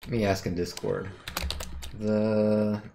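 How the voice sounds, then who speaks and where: A man streams a game in a low, gravelly, slow voice with little pitch movement, background noise behind him. He mutters and thinks aloud while puzzling over the menus and skills in casual let's-play commentary.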